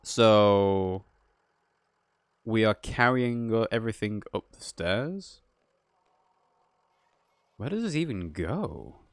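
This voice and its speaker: A man's voice: fairly low pitch, expressive, slow pace, long pauses, no room sound, clean studio sound. A man hosting a let's play, giving casual gameplay commentary full of musing, rambling asides.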